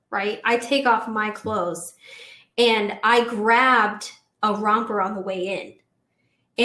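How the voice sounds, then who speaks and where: A woman in her twenties telling a story in a casual chat, animated and full of "like"s and laughs. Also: mid-range voice, roomy sound. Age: 20s. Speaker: guest, host's daughter.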